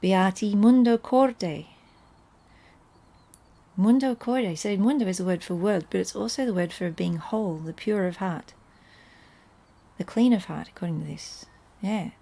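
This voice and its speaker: A woman's voice: fairly low pitch, moderate pace, creaky, dark tone. A middle-aged woman reading Latin scripture aloud and translating it line by line in a casual home lesson, thinking aloud as she goes. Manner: thinks aloud, chuckles at own slips.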